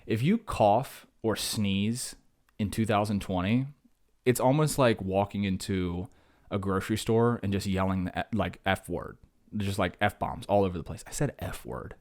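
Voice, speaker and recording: A man's voice: on the low side, a little mellow. A man hosting his own podcast, rambling in a casual, jokey way and talking himself down from rants. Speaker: podcast host. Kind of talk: casual solo podcast monologue.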